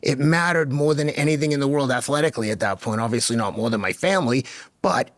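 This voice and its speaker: A man in his fifties, a podcast guest and marathon runner, telling his stories in an emphatic, animated way in casual interview chat. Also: medium pitch, quick pace, no room sound, clean studio sound. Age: 50s. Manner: emphatic, animated storyteller who acts out dialogue.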